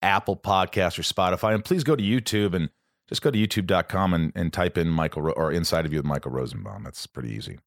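A man hosting a podcast, his voice very low, rambling and cursing freely as he chats. He jumps into sudden high, excited bursts, and the recording is close and dry. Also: quick pace, creaky, no room sound. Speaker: podcast host. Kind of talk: casual podcast chat.

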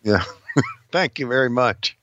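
A man's voice: mid-range voice, expressive, takes it slowly, pushed and bright, muffled recording. A man cohosting a podcast, chatting casually, swearing a lot and laughing easily. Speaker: podcast co-host. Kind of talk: casual profane chat.

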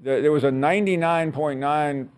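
A man's voice: a little high, moderate pace, darkish tone, clean tone. A male radio host chatting with a caller, needling him with dry humor. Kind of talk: casual call-in banter.

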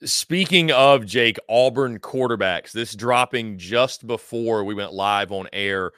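A man hosting a podcast, asking questions in a relaxed way and reading news aloud steadily. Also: on the low side, takes it slowly, no room sound, studio quality. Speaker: podcast host. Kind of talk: casual podcast interviewing.

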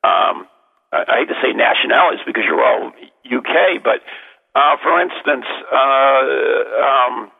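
Gravelly New England man on a tinny line. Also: mid-range voice, big pitch swings. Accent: New England American. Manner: halting, many restarts and fillers. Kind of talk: casual radio chat. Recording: phone-like narrow band.

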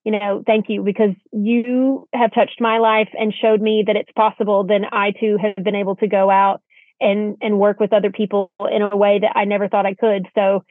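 A woman's voice: medium pitch, little pitch movement, normal speed, no echo. A woman co-hosting a podcast, speaking in a heartfelt, grateful way and laughing easily in casual chat. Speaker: podcast co-host. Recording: dry tinny phone-like line.

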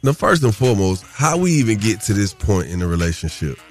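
A man's voice: fairly low pitch, big pitch swings, a little fast, faint music behind. A man hosting a morning radio show, chatting casually with co-hosts and callers and laughing often. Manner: laid-back, laughs often. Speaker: radio host.

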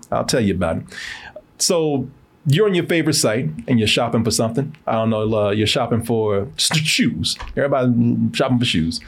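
A man with a somewhat higher voice walks through a sponsor read in a loose, easygoing way. His talk is relaxed and conversational and sprinkled with slang. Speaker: host.

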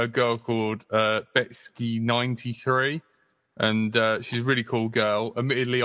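Man, bright voice, unhurried, rambling self-mocking banter, casual podcast chat. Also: mid-range voice, dry recording. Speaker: podcast co-host and streamer. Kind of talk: casual chat among friends.

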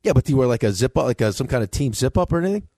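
A man co-hosting a casual chat, teasing his friend with quick banter. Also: mid-range voice, expressive, warm tone, no room sound, studio quality. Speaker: co-host.

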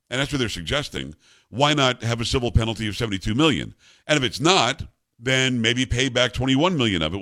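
A man in his fifties hosts a talk radio show, with a voice in the middle range and a pitch that swings widely. He delivers opinionated commentary with strong emphasis, in a conversational way that slides into personal anecdotes. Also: fairly bright tone.

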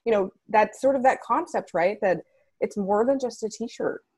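Woman guest, lively, lots of you-knows, dry sound. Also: mid-range voice, moderate pace, husky, no echo. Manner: lively, many "you know" fillers. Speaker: interview guest. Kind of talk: casual interview.

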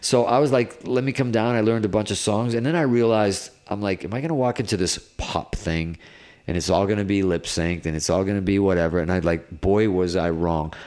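A middle-aged man, a guest guitarist, telling stories in a casual interview, rambling and animated with lots of "like"s. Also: deep voice, a little fast. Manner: animated, rambling, filler-heavy with many "like"s.

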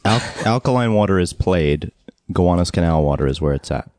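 Deep-voiced deadpan male podcast host. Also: fairly quick, no echo, clean studio sound. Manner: deadpan one-liners. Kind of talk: casual chat.

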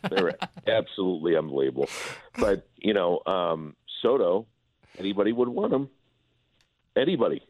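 Over a tinny phone line, a baseball broadcaster talks casually about his team at normal speed, his low voice swinging widely in pitch. He often stumbles and repeats words as he restarts sentences.

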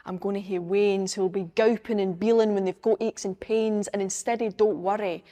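A woman's voice: mid-range voice, steady tone, normal speed, warm tone, big-room sound. A young woman with a Scottish accent reciting a rhyming poem full of Scots words. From Scotland. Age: young adult. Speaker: poet. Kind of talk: poetry reading.

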